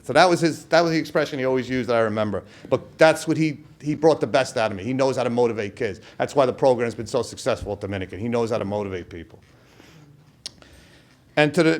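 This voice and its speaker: A middle-aged man giving a hall of fame acceptance speech, telling stories and acting out what his old coach shouted. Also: medium pitch. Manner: storytelling, acts out quoted coach with loud outbursts. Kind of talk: speech at a podium.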